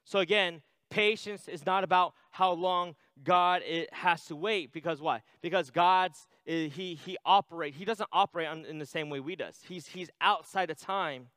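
A man's voice: high voice, normal speed, few pauses, fairly bright tone, clear, resonant tone, no room sound. A man preaching a sermon in a conversational way, reading scripture aloud and adding "right?" asides. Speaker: pastor.

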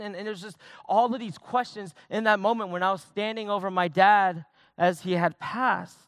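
Young guy pastor preaching casual, lots of restarts, smooth slightly high voice, dry sound. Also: fairly quick, a bit bright, no room sound. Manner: personal, conversational preaching with many restarts and fillers. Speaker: youth pastor. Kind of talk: sermon.

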